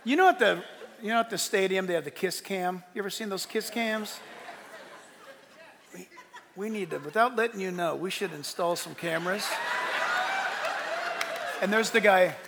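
A male pastor preaching an animated, joking sermon to his congregation. His voice is high and gravelly. The sound carries a long hall reverb. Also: normal speed, long pauses, some chatter behind, slight background noise. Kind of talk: sermon with humor. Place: church hall with live congregation.

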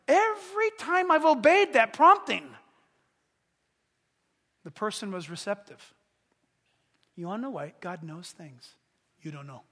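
A man preaching a sermon as pastor, animated and swinging from hushed asides to shouts. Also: high voice, slightly rough, big-room sound. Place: church.

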